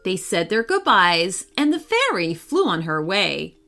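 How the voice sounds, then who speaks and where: A woman hosting a children's story show, reading aloud in an animated, expressive storybook manner. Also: mid-range voice, unhurried, faint music behind.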